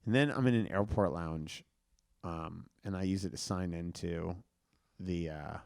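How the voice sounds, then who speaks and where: A man, a comedian appearing as a podcast guest, telling a story in an animated way. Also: deep voice, measured pace, gravelly, dry recording, clean studio sound. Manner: animated anecdote-telling with acted-out quotes.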